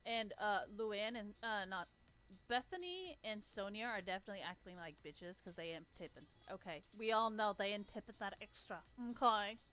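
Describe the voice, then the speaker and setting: A woman's voice: mid-range voice, expressive, normal speed, a bit bright. A woman livestreamer delivering a blunt, sarcastic, heavily profane rant. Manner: blunt, sarcastic, swears constantly. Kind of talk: profane ranting monologue.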